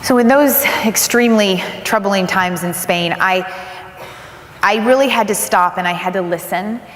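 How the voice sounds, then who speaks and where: A woman delivers a keynote speech, earnest and animated as she tells a personal story. Her voice rings out with a long, roomy reverb from a large conference hall. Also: mid-range voice, moderate pace, a little hiss or hum. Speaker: keynote speaker.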